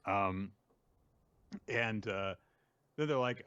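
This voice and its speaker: Guy recapping manga chapters, jokey, does silly high voices, kinda dull lo-fi audio. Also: moderate pace, fairly bright tone, no room sound. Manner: jokey, puts on high voices for quoted characters. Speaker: podcast host recapping manga. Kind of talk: casual recap chat.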